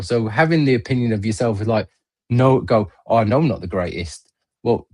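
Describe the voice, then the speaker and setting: A man's voice: fairly low pitch, a little mellow, slightly rough. A middle-aged man hosting a podcast in casual chat. He tells rambling stories full of fillers and restarts. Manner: rambling, filler-heavy storytelling. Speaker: podcast host. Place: remote podcast stream.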